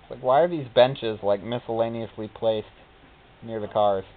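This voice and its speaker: A man's voice: mid-range voice, moderate pace, a little hiss or hum. A man giving casual gameplay commentary, telling rambling stories and quoting characters in silly voices. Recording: tinny phone-like recording.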